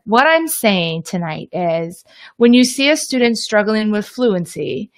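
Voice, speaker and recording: Upbeat woman teaching on a livestream. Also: medium pitch. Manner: upbeat, greets viewers by name. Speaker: teacher trainer hosting a live video.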